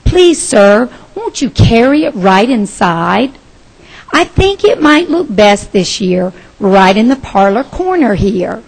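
A woman voicing a fussy, excitable rich old gentleman in a Christmas picture book read aloud, exclaiming in a raised voice. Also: on the high side, takes it slowly, creaky, exaggerated voice, low-quality recording. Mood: excited.

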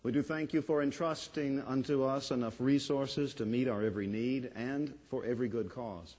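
A man leading a measured, reverent offertory prayer in a church service. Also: mid-range voice, steady tone, darkish tone, husky, big-room sound. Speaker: worship leader. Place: church sanctuary.

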